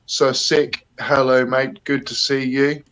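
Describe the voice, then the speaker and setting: A man's voice: mid-range voice, flat delivery, slow, fairly bright tone. A man hosting a casual live stream, chatty and a little hesitant, greeting viewers by name. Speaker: livestream host.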